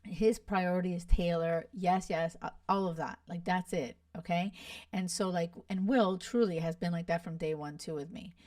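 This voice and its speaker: A woman's voice: fairly low pitch, normal speed, a little mellow, no room sound, clean studio sound, far from the mic. A young woman hosting a podcast, chatting casually and gushing about a reality show, full of "like" and "you guys.". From Miami. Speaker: podcast host. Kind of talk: casual chat.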